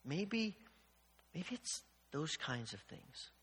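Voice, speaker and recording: A man preaching a sermon in an earnest way, often stumbling over repeated words and dropping to a hushed voice for emphasis. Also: on the high side, big pitch swings, slow pace, slightly rough, in a large hall. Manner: earnest, repeats words when restarting, drops to quiet near-whispers for emphasis.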